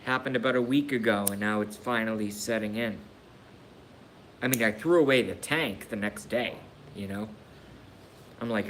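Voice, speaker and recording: A man live-streaming a casual rant, slow and halting, with sighs and swearing, emotional and grieving. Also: on the low side, slight background noise.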